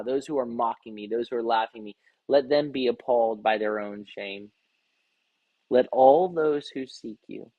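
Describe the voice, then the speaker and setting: A man's voice: mid-range voice, no echo, highs cut off. A man as rabbi giving an earnest devotional Bible teaching, often repeating words as he reads scripture aloud.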